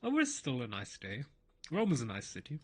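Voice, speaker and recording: A man's voice: medium pitch, huge pitch swings, a little fast, breathy edge. A man chatting casually while playing a game, rambling through stories with frequent restarts and asides. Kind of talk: casual gameplay commentary and storytelling.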